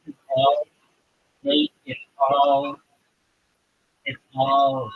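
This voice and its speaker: A man on a livestream explaining vocabulary words in a rambling, casual way, often searching for words and jumping in pitch. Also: sing-song, slow pace, breathy edge, dry recording, phone-quality sound.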